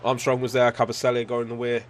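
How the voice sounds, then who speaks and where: A man commentating on his own football video game match, frustrated and swearing, with sudden excited outbursts. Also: mid-range voice, fast talker, a little hiss or hum. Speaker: gaming YouTuber.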